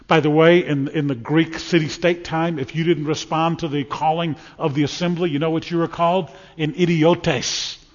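A man preaching a sermon from the pulpit of a church, emphatic and dramatic, swinging from loud declarations to hushed, solemn lines. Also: a little high, fairly even intonation, normal speed, few pauses, big-room sound, lo-fi sound. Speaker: pastor. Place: church sanctuary.

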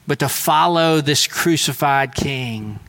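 A man preaching a sermon in an earnest, emphatic way, slowing down to stress key phrases. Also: mid-range voice, gravelly, fairly bright tone.

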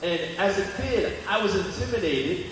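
A man's voice: high voice, lively intonation, normal speed, a little hiss or hum. A young man giving a sermon, speaking conversationally to the congregation and asking them questions. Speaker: pastor. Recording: echoey hall from far off.

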